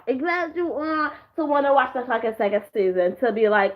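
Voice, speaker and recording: High-pitched and a little fast, barely pausing, a young woman vlogger sits at home chatting about shows she watched. She swears a lot and animatedly acts out characters in squeals, casual and profane. The recording's highs are cut off.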